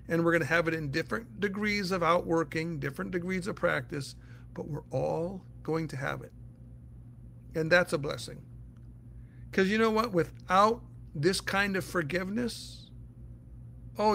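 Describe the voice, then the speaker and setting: A man's voice: on the high side, gravelly, fairly bright tone, a little hiss or hum. A man teaching the Bible in a casual, earnest way, answering listener questions and explaining step by step.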